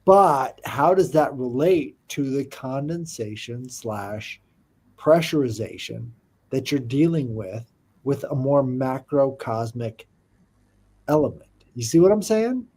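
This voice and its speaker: A man's voice: mid-range voice, lively intonation, slow, a little mellow, slightly rough. A man in casual conversation, explaining big ideas emphatically and often asking if the listener follows. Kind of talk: casual chat.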